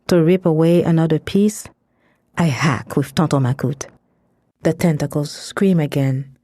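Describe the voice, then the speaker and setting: A woman reading first-person fiction aloud in a measured, intense storytelling manner on a close studio mic. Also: low voice, dark tone, dry recording. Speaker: story narrator.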